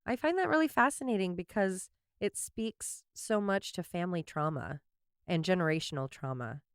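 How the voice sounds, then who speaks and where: A woman's voice: fairly low pitch, lively intonation, normal speed, clear, resonant tone, no room sound, clean studio sound. A woman co-hosting a podcast, chatting casually and reflectively, often slipping into quoted voices. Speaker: podcast co-host. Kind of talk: casual chat.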